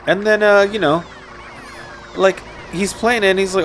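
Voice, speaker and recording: A man's voice: sits high, expressive, moderate pace, fairly bright tone. Rambling profane young man, game noise behind. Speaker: gameplay commentator. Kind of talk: casual game commentary.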